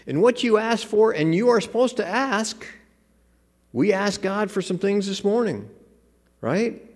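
A man preaching a sermon in a relaxed, conversational way, with joking asides. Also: high voice, unhurried, big-room sound. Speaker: pastor.

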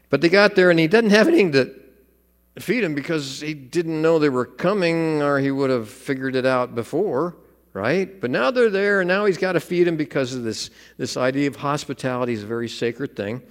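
Male pastor, animated sermon delivery, slightly high voice, long hall reverb. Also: moderate pace. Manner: conversational, joking asides.

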